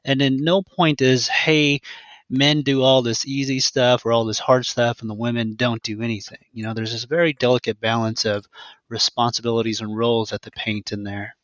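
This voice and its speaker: A man's voice: medium pitch, flat delivery, moderate pace, a bit bright, no room sound. A man thinking aloud on a casual book podcast, musing over theories. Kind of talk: casual book-club chat. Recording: dry, dull lo-fi sound.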